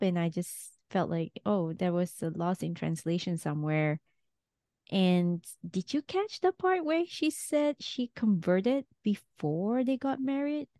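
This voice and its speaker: A woman's voice: medium pitch, mellow, no room sound, clean studio sound. A woman in casual conversation, thinking aloud and hedging her opinions about a reality show. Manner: thoughtful, hedging, laughs often.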